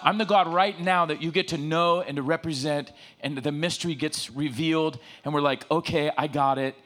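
A middle-aged man delivers a relaxed sermon in a slightly higher-than-usual voice. He talks in a lively, joking way and retells scripture in everyday slang. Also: normal speed. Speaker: preacher. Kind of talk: casual sermon.

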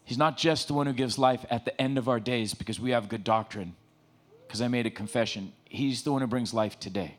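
A middle-aged man preaching a casual sermon, lively and joking, retelling scripture in everyday slang. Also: mid-range voice, fairly quick.

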